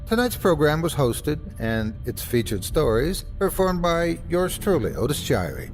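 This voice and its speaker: A man hosting a podcast and narrating a first-person horror story dramatically, swinging from hushed lines to cries. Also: fairly high pitch, very animated, measured pace, faint music behind.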